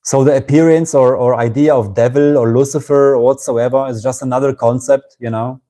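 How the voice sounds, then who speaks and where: A man's voice: medium pitch, steady tone, a little fast, dark tone. A man with a German accent giving a live-streamed satsang talk as a spiritual teacher, reflective and often ending his phrases with a questioning "yeah?".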